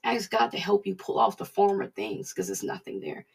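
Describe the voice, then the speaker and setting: A woman preaching in a plain, conversational way, speaking straight to her listeners. Her voice is gravelly and husky. She sounds a little distant from the microphone. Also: medium pitch, very animated, moderate pace. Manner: plain-spoken, conversational, addresses listeners directly. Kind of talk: informal recorded sermon.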